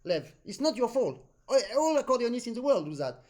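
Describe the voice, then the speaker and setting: French accordion teacher guy, high voice, animated, hums the tunes, broken english. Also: fairly quick. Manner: animated, non-native English, sings and hums phrases. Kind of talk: masterclass coaching.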